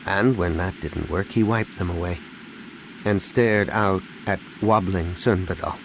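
Male audiobook narrator, lowish voice, measured dramatic read, faint hiss. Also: gravelly. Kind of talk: scripted narration.

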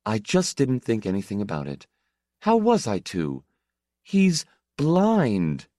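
A man voicing a weary, sharp-tongued middle-aged working mother who speaks bluntly and with exasperation, in a storybook reading. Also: medium pitch, huge pitch swings, slow pace, no room sound, studio quality, pitched above the performer's own voice, exaggerated voice. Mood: exasperated.

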